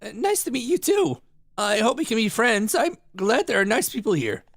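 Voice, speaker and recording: A man's voice: very high voice, big pitch swings, moderate pace, vocal fry, a bit bright, no echo, voice pushed up, heavily acted. A man voicing a stammering, timid boy. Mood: nervous. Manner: stammering, nervous. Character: timid, upset young boy. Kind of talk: voicing game dialogue on stream.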